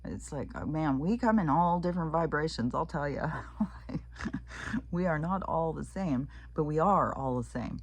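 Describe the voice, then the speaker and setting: A woman's voice: low-pitched, lively intonation, measured pace, breathy edge, no echo. A woman talking in a casual, rambling vlog monologue, swearing freely and filling gaps with "um" and "like". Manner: profane, rambling, frequent fillers. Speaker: vlogger.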